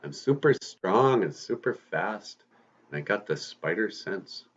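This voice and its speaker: A man playing an eager teenage boy hero, speaking in excited, earnest exclamations. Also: fairly low pitch, unhurried, slightly rough, muffled recording, heavily acted.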